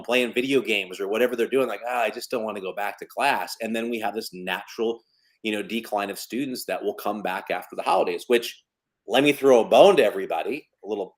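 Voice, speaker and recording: A man in his fifties co-hosting a podcast, talking casually about running a business and telling stories. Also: mid-range voice. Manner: lively storyteller, acts out phone calls in quotes. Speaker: podcast co-host. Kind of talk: casual business advice talk.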